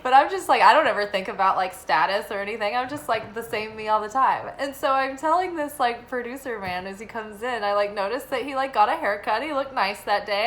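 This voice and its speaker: A young woman giving a casual spoken reading and telling a personal story, rambling with many fillers and turning animated when she quotes people. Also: on the high side, a little fast, a little hiss or hum, rough recording. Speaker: tarot reader.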